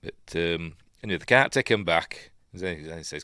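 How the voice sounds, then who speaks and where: Deep-voiced Yorkshire man rambling through a film. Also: animated, moderate pace, no room sound, clean studio sound. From Yorkshire, England. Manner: rambling and chatty, with many ums and self-corrections; wry asides and soft chuckles. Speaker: podcast host reviewing a film. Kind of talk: casual film recap commentary.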